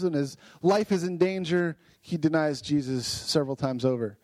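An enthusiastic man gives a casual Bible lesson in a slightly high voice, tossing in "right?" as he goes. The sound is dry and close, with no room echo at all. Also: normal speed, darkish tone. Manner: enthusiastic, frequent "right?" tag questions.

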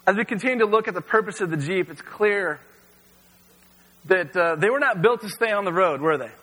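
Male youth pastor, relaxed storytelling sermon, crisp bright tone, long hall echo. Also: sits high, fairly quick. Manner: casual storytelling with frequent fillers.

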